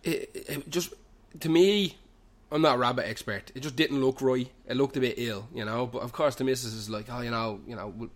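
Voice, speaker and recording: A young Irish man with a Dublin edge and an ordinary mid-pitched voice, recorded in a pub as he hosts his show. He spins a loose, run-on comic story, cursing constantly and tumbling from one clause into the next. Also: moderate pace, few pauses. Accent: Irish, Dublin slang. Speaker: podcast host. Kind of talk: rambling comic anecdote.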